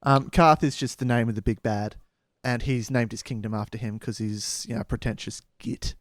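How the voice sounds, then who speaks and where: A man's voice: medium pitch, steady tone, moderate pace, dry recording. A man co-hosting a podcast, improvising a story and trading dry jokes. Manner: joking, improvising, dry quips. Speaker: podcast co-host. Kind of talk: casual chat.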